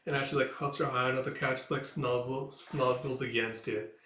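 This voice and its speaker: A man's voice: mid-range voice, steady tone, moderate pace, bright, forceful tone, a little hiss or hum. A man casually retelling a comic, reading out the dialogue and leading each quoted line with "it's like.". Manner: chatty, leans on "it's like" to introduce quoted lines. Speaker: manga reviewer. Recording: roomy echo, voice heard from a distance.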